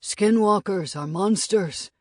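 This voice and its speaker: A woman doing a solemn scout with a deep, carrying voice. He speaks slowly and gravely. The audiobook sound is dry and close. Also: no echo.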